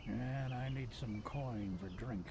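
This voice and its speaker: An actor voicing a surly old male drunk in a video game, gravelly and mocking, heard over clear background noise. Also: mid-range voice, slow pace.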